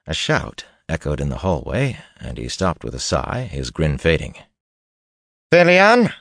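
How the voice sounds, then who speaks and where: Super deep male voice reading a fantasy audiobook, dry close mic. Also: very animated, moderate pace, vocal fry, no room sound. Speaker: audiobook narrator. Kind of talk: scripted fantasy narration.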